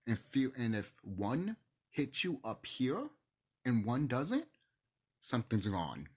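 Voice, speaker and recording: A man's voice: mid-range voice, a little mellow, slightly rough. A man hosting his own channel, ranting to camera in a heated, profane, preachy way. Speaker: channel host.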